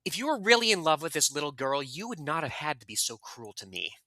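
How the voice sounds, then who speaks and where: A man's voice: on the high side, sing-song, quick pace, pushed and bright, dry recording. Guy reading a hurt young italian man, bitter, accusing, voice swinging all over.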